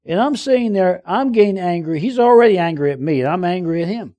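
A man's voice: high-pitched, fast. A man preaching a sermon, telling funny personal stories and calling out to the congregation. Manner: lively, joking, calls out to the audience. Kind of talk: sermon with humorous storytelling.

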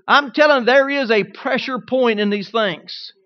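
A middle-aged man preaching a sermon, telling humorous stories with lively rising emphasis. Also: very high voice, measured pace, dry recording, dull audio.

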